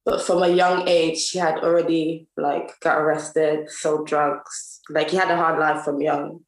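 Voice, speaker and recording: A young woman, a guest in a casual podcast chat, telling a story in a relaxed, hesitant way. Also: deep voice, measured pace, reverberant, rough recording.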